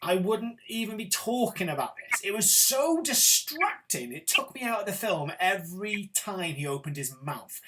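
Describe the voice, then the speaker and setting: A man's voice: high voice, lively intonation, moderate pace, few pauses, bright, forceful tone. A man from Britain hosting a casual film review chat, enthusiastic and opinionated, with the odd swear word. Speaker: film show host.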